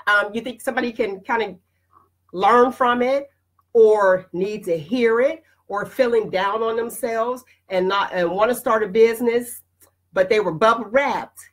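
A woman's voice: on the high side, a little slow. A woman hosting her own show, giving a blunt, emphatic motivational talk straight to her viewers. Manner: addresses viewers directly. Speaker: host.

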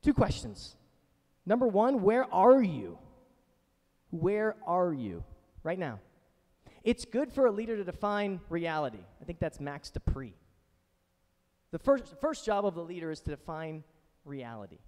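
A man's voice: high voice, expressive, normal speed, a little mellow, long reverb tail. A man in his thirties preaching a sermon as pastor, speaking in a casual, chatty way with frequent asides. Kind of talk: conversational sermon. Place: church sanctuary.

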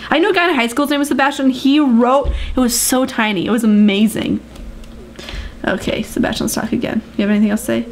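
A woman's voice: on the high side, fast talker, hardly any pauses, a little hiss or hum. A woman hosting a let's play of a farming game, playful and chatty, full of gasps and asides. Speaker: gaming video host.

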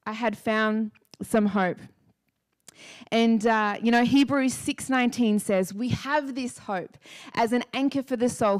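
Female preacher, young, smooth and clear voice, fervent sermon delivery. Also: on the high side. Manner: passionate testimony, rising to shouted declarations. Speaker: pastor.

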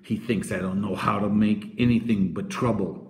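A man's voice: fairly low pitch, fairly even intonation, moderate pace, creaky, darkish tone. A man voicing a spirited young girl who is eager to please and stammers when flustered. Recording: roomy echo.

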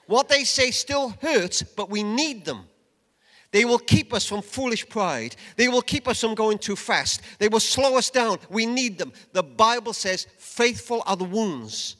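An older man preaching a sermon at a conference, emphatic, dropping from loud urging to hushed asides. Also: sits high. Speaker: conference speaker. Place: large event hall. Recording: long reverb of a large hall.

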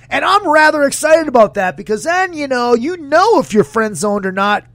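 Gravelly, lively-pitched man rambling on a podcast. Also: no echo. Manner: rambling, crude, jokey, reads chat comments aloud. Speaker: podcast host. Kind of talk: casual solo podcast chat.

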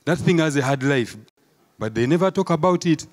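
A man's voice: on the high side, fairly quick. Ugandan man doing stand-up comedy. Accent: Ugandan English. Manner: animated storytelling, acts out crowd voices, peppered with "eh?". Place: live comedy show before an audience.

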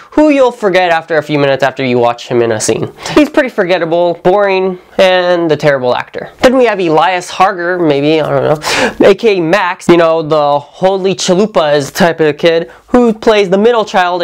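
A woman vlogger giving a sarcastic, opinionated review of a TV series, sometimes mimicking voices. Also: fairly low pitch.

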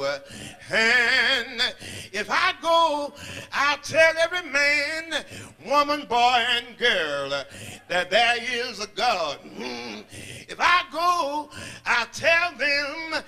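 An old gray-headed demon begging to be let go, as a preacher puts him on in a sermon. The voice sits very high and bright and moves slowly in a preaching cadence. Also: male voice, very animated, exaggerated voice. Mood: pleading.

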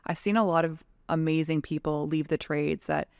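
A woman's voice: sits low, fairly even intonation, moderate pace, clean tone, no echo, studio quality. A woman in her thirties from Canada, a tradeswoman talking frankly and animatedly as a podcast guest, with lots of "like" in her speech. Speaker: guest, tradeswoman and advocacy leader. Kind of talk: casual podcast conversation.

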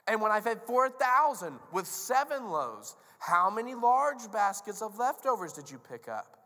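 A man's voice: very high-pitched, huge pitch swings, breathy edge, pitched above the performer's own voice, heavily acted. A man doing a stern, exasperated teacher. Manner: slow, loud, emphatic rebukes. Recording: long reverb of a large hall.

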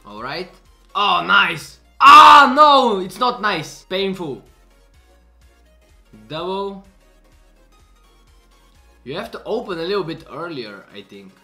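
A man, hosting and commenting on clips in a reaction video, excitable and quick to exclaim and laugh. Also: high voice, vocal fry, soft background music. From Bulgaria. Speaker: host.

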